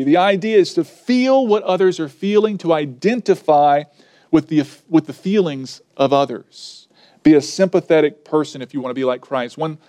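A man's voice: fairly high pitch, mellow. A man preaching a sermon, earnest and emphatic, sometimes acting out the people he quotes. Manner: earnest, varied emphasis, acts out quoted speakers.

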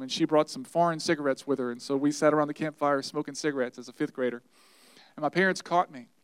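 A man preaching a sermon, telling personal stories earnestly and swinging between quiet, soft passages and loud, emphatic warnings. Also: a little high, no echo. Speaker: pastor.

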